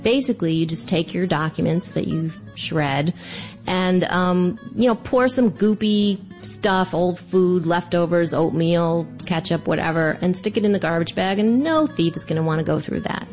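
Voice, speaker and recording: Brief: woman with a lowish voice, animated comic storyteller. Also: normal speed, soft background music. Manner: animated, self-mocking, breathless asides.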